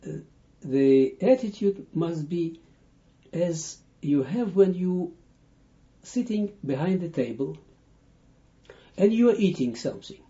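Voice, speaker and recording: Slow, dark-voiced man teaching haltingly. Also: on the high side, lively intonation. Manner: halting, searching for words with many restarts. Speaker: Kabbalah teacher. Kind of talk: unscripted audio lesson. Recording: dull lo-fi audio.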